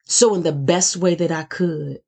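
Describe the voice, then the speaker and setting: A middle-aged woman minister giving a personal testimony, slow and dramatic, building emphasis through repetition. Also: fairly low pitch, creaky, darkish tone, breathy edge.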